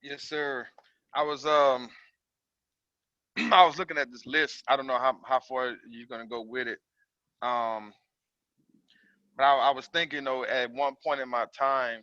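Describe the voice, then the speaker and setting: A man calling in to a group coaching call to talk about his trucking business, halting and reflective as he feels his way through his thoughts. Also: mid-range voice, bright, forceful tone, no echo. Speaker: caller, trucking business owner. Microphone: call audio. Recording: dull, dry call audio.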